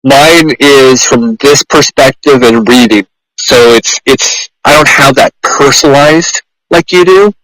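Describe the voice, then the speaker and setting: A man hosting a podcast, speaking effusively and haltingly with many repeated words. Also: medium pitch, fairly bright tone, no echo, rough recording. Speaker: podcast host, pet groomer. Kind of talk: conversational interview.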